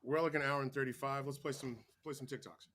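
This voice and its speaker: A man with an ordinary mid-range voice who speaks up quietly in short, hesitant bursts. He sounds like he's half-thinking while talking. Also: medium pitch, fairly even intonation, fast talker, over a noisy crowd. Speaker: podcast co-host. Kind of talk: casual chat.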